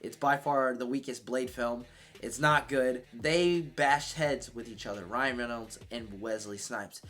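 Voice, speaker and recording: A man giving a casual, excitable movie review, swearing freely as he reacts. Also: medium pitch, measured pace.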